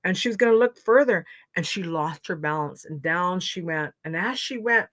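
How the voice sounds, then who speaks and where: A woman's voice: lowish voice, moderate pace, dry recording. A woman from Canada telling a traditional legend as a storyteller, with dramatic rises and falls. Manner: expressive, dramatic dynamics. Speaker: storyteller, knowledge keeper. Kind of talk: oral storytelling to an audience.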